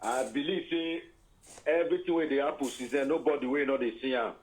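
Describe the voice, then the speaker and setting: A man's voice: mid-range voice, fairly even intonation, fairly quick, poor audio. A man with a Nigerian accent on a live video call, speaking in pidgin. He rants heatedly, makes accusations and repeats himself.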